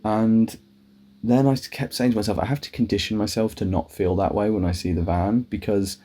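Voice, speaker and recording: A man with a low, dark voice recounts a story in a loose, rambling monologue. He swears freely and keeps jumping up in pitch to quote himself. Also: fairly even intonation, normal speed. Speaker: vlogger.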